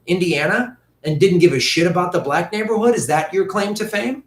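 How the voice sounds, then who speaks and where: A man ranting through casual political commentary, profane and mocking, slipping into quick impressions of politicians. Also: high voice, a bit bright, roomy sound.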